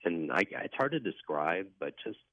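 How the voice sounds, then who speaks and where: A man's voice: deep voice, sing-song, moderate pace, fairly bright tone, no room sound. A man telling his personal story as a guest in a radio interview, in an earnest, reflective way. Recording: dry tinny phone line.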